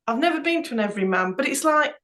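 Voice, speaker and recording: Easygoing woman with a slightly high voice. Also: animated, rapid-fire, a bit bright, rough recording. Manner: easygoing, thinking aloud with "um". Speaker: podcast co-host. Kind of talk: casual chat.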